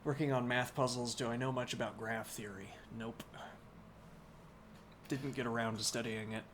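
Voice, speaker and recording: A man's voice: mid-range voice, steady tone, a bit bright, a little hiss or hum. Man reading a bedtime story aloud. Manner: unhurried reading, musing asides to viewers. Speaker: live streamer reading a novel aloud.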